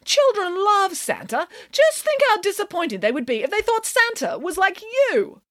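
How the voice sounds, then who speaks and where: Storybook pig nanny, female, vain and boisterous, grand declarations, read by a woman; animated delivery. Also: medium pitch, normal speed, no room sound, clean studio sound, pitched above the performer's own voice. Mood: indignant. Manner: grand, self-assured declarations. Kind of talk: storybook reading.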